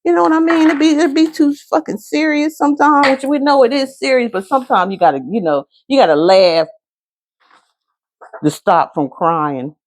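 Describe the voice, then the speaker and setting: A woman's voice: sits high, moderate pace. A woman doing a casual tarot reading, blunt and full of profanity, talking back to her own remarks. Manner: blunt, profanity-heavy, talks back to herself. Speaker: tarot reader.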